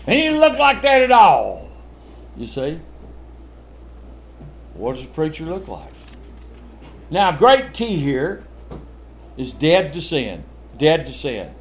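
An older man preaches with a slightly high voice that leaps around in pitch. He fires off rhetorical questions and chuckles between points, taking his time as he drives the sermon forward. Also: slow, long pauses. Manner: animated, full of rhetorical questions, chuckling asides.

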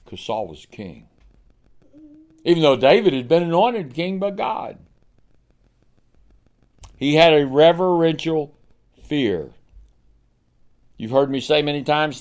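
A man preaching a sermon. He asks the congregation pointed questions and acts out the figures of scripture. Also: mid-range voice. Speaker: pastor.

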